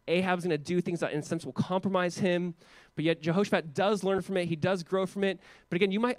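A man preaching a sermon as pastor in an animated, conversational way full of casual asides. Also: sits high, dry recording.

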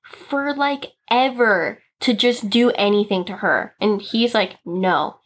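A young woman guest casually recapping a movie plot, animatedly acting out the characters' lines in quick voices. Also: a little high. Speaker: podcast guest.

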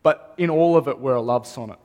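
A man's voice: medium pitch, brisk, darkish tone. A man, a pastor, preaching a sermon earnestly and repeating key phrases for emphasis. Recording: long reverb of a hall.

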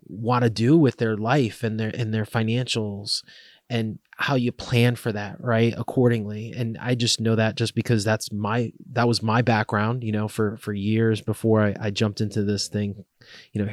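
Interviewing a guest, this podcast host poses lengthy, meandering questions full of filler words. His voice sits lowish, and the studio-quality recording has no echo.

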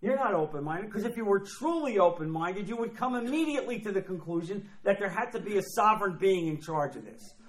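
A man preaching in an emphatic, repetitive sermon style, often slipping into quoted voices. His voice sits high, and the sound carries a roomy echo, as in a church sanctuary. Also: lively intonation, brisk, hardly any pauses. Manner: emphatic, repeats phrases, acts out quoted voices. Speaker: pastor. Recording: echoey room.

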